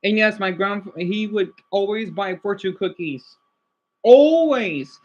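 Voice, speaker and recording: A man's voice: sits high, fairly even intonation, a little slow, lo-fi sound. A young man hosting a casual livestream, rambling and getting emotional while reading names from the chat. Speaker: livestream host.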